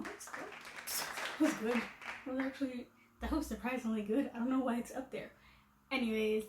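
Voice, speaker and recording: Chatty higher-voiced woman in echoey room. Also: noisy background. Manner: chatty, self-deprecating, laughing at herself. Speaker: vlogger. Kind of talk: casual chat to camera.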